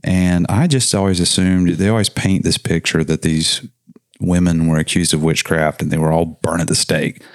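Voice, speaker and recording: A man co-hosting a podcast chats casually and trails off mid-thought. He has a deep voice with fairly even intonation and a moderate pace, recorded with studio quality and no room sound.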